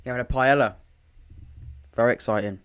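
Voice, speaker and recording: A man's voice: medium pitch, a little fast, a bit bright, clean tone. A man hosting a live football watchalong, chatting casually with dry, sarcastic asides and frequent restarts. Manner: rambling, self-interrupting, dry sarcastic asides. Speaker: podcast host commentating a live watchalong. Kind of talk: casual live match commentary and chat.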